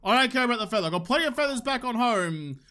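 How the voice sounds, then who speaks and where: A young man with an Australian accent narrating his game session in loose, joking commentary. His voice sits high and rings bright, and he swears and bickers with the game as he plays. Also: expressive, very fast. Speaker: gaming YouTuber. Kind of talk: casual let's-play commentary.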